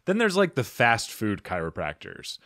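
A man's voice: lowish voice, wildly swooping pitch, moderate pace, fairly bright tone, dry recording. A man hosting a comedy podcast, joking and rambling and correcting himself in casual chat. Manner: jokey, rambling, self-correcting. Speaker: podcast host.

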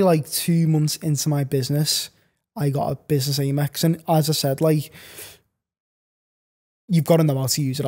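A man's voice: a little high, dark tone. A young man chatting as a podcast guest, telling long stories full of fillers and restarts. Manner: rambling, filler-heavy storytelling. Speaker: podcast guest, online reseller. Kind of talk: casual podcast chat.

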